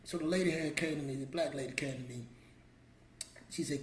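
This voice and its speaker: This motivational show's middle-aged host has a voice on the high side and a brisk delivery. He talks casually but emphatically, hammering his points again in a colloquial, preachy style, recorded with a roomy echo, faint ambience and slight background noise.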